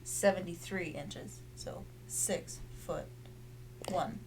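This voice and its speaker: A woman's voice: fairly low pitch, slow pace, a little mellow, husky, poor audio. A young woman co-hosting a casual podcast, giggly and easily amused as she reads out facts. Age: young adult. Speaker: podcast co-host. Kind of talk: casual chat.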